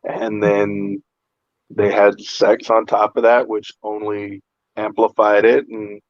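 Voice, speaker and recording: Male podcast co-host, relaxed and agreeable, somewhat muffled dry sound. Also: fairly low pitch, no echo. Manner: relaxed, drawn-out, agreeable with frequent "yeah". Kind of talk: casual chat.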